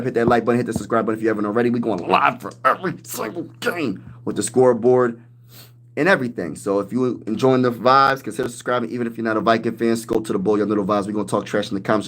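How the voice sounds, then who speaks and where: A man hosting a casual sports livestream, hyping his team with loud trash talk and reading viewers' comments aloud. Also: mid-range voice. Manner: hyped trash talk, reads chat aloud. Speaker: livestream host.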